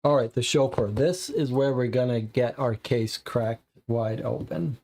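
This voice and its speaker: Gravelly-voiced man narrating a noir game. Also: mid-range voice, unhurried, darkish tone. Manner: chatty, asides to viewers. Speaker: game host playing a solo noir case.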